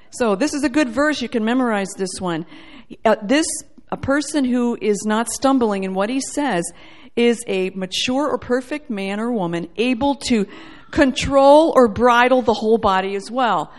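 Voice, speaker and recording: A woman teaching a sermon in a church setting, animated and playful, acting out quoted voices as she goes. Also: on the high side, normal speed. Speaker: Bible teacher.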